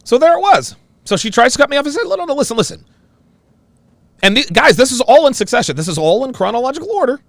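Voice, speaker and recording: A male host with a high, lively voice and a gravelly edge, talking in an emphatic, mocking way. He comes across dry and close to the mic, with little room sound. His commentary jumps between flat retelling and sharp, raised outbursts. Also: racing, no room sound. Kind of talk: commentary on a played call-in clip.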